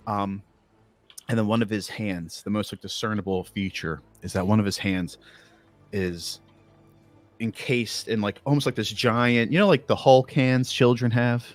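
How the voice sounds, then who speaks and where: A man's voice: lowish voice, fairly even intonation, moderate pace, faint music behind. A man narrating a tabletop game as game master, describing scenes in a casual, rambling way full of likes and uhs.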